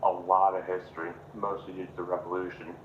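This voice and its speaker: A man chatting casually as a stream guest, speaking in a hesitant, halting way. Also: low-pitched, little pitch movement. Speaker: guest co-host. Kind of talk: casual chat. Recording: echoey room, dull sound, faint noise.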